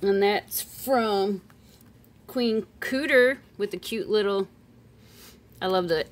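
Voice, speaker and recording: A woman casually chatting as she unboxes silver pieces, playful and chatty, breaking into excited squeals and sing-song calls. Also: mid-range voice, slow, long pauses. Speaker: silver coin collector vlogger.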